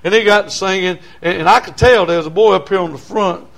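An older man, preaching a sermon as pastor in a folksy storytelling way, swinging from quiet talk to shouting. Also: sits high, quick pace, gravelly.

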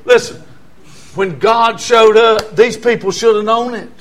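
An older man, a pastor preaching a sermon in a folksy way, with loud shouted passages and quiet asides. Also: high voice, steady tone, a little slow.

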